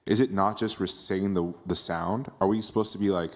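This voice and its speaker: A man asking his teacher a question, halting and hesitant. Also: low-pitched, steady tone. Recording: long hall reverb, off-mic.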